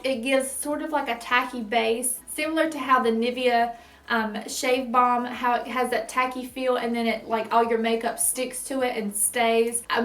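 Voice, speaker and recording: A chatty woman with a rural American twang, rambling happily through product favorites. Her slightly high voice sounds roomy and set back from the mic, with echo from the room around her. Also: a bit bright, distant mic. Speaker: beauty vlogger. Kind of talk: casual product review chat.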